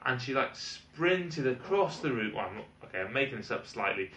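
A man's voice: medium pitch, very animated, brisk, bright, forceful tone, a little hiss or hum. A British man telling a long, exasperated restaurant anecdote in casual chat, rambling and swearing as he rants. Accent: British English. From Britain. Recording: roomy, distant, dull lo-fi sound.

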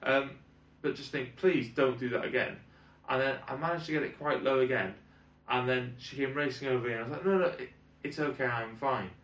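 Speaking fairly quickly in a mid-range, fairly bright voice, a man from Britain rants through a lengthy restaurant anecdote. The casual chat is exasperated, rambling and peppered with swearing, in British English. It's recorded with a roomy, distant, dull lo-fi sound.

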